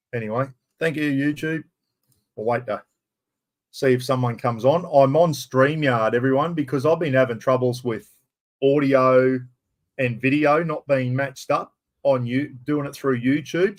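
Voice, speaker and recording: Middle-aged Australian bloke hosting a casual live stream, rambling and chatty, greeting viewers by name, in a middle-of-the-road pitch. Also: male voice. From far north Queensland, Australia.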